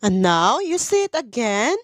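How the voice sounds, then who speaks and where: A woman's voice: fairly high pitch, big pitch swings, dry recording. A woman teacher leading a phonics reading lesson for young children, drilling sounds and praising often. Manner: slow, sing-song drilling with praise.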